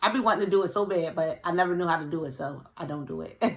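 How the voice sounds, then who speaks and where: A woman's voice: fairly low pitch, very fast. A young woman chatting casually to camera as host of her own vlog, playful and talkative. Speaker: vlogger, show host.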